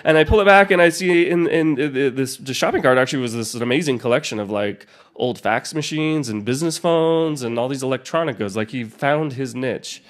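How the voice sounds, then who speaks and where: A man's voice: mid-range voice, a little fast, hardly any pauses. A man telling a personal story live, rambling and self-deprecating, with many restarts and asides.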